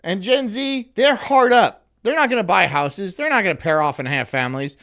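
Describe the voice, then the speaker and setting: Rambling sarcastic man with a lively voice. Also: sits high, normal speed. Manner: rambling, sarcastic, laughs often. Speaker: streamer host. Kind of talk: casual stream commentary.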